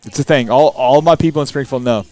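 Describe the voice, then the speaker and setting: A man doing relaxed play-by-play and joking banter on a darts livestream. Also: mid-range voice, quick pace. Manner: relaxed, joking, calls the throws. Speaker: darts stream commentator.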